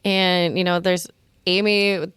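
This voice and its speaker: A woman's voice: fairly low pitch, slow, clean tone, no room sound, clean studio sound. A woman from Minnesota co-hosting a podcast, chatting casually and acting out quoted lines as she recaps an episode. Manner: animated, slips into quoted voices. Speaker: podcast co-host.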